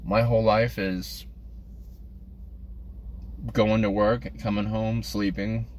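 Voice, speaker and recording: A man's voice: lowish voice, level tone, takes it slowly, darkish tone, a little hiss or hum. A man delivering a crude, self-deprecating comedic monologue as a podcast host, rambling from one thought to the next.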